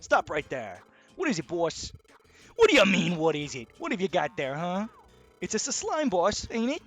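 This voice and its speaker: A man voicing a gang of gruff male platypus mobsters with a tough-guy gangster drawl. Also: sits high, wildly swooping pitch, moderate pace, a bit bright, soft background music, voice pushed up, heavily acted. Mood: bickering.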